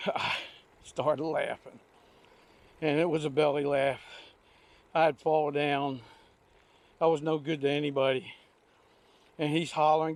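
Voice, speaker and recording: Pausing often, an older man speaks slowly in a fairly high, level voice. He's a vlogger on a recumbent trike ride outdoors, casually telling rambling, folksy stories in homespun speech.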